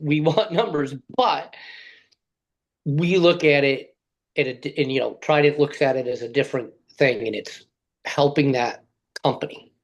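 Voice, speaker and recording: A man's voice: a little high, moderate pace, highs cut off. A man who works as a sales rep, answering interview questions in a thoughtful, hesitant way with many fillers. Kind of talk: casual interview talk.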